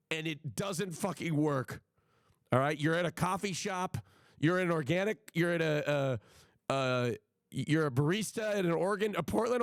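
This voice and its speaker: A man's voice: sits high, no echo, studio quality. A man streaming live, ranting to his chat in a profane, emphatic way with frequent stammering restarts. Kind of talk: casual livestream rant to chat.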